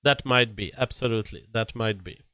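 A man's voice: on the low side, fairly quick, bright, forceful tone, no room sound. A man, a blunt and profane political commentator, reading posts aloud and giving his opinion on them in casual talk.

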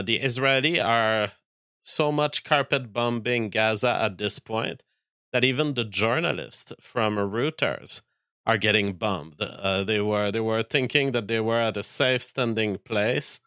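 A man streams casual political commentary and reads out chat messages. He talks quickly, full of fillers and restarts. His voice is bright and smooth, recorded dry and close. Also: lowish voice, dry recording. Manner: fast, filler-heavy, halting restarts.

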